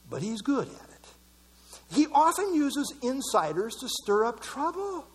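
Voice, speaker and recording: A male preacher with a high, lively voice works through scripture verse by verse. His pitch rises and falls widely as he stresses single words and adds chuckling asides. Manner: animated, reads quotes, chuckles at his own asides. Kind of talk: expository sermon.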